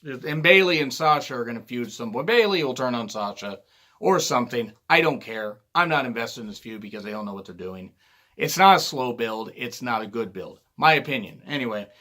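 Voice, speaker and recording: A man reviewing a wrestling show in a heated, loud rant, swearing often. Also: medium pitch. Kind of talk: angry profane rant.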